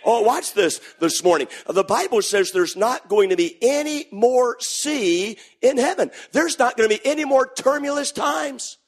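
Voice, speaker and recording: A middle-aged male pastor with a notably high voice delivers an animated sermon. He drops low for storytelling, then rises into fervent shouting. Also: moderate pace, few pauses. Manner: animated preaching, swings from quiet storytelling to shouting.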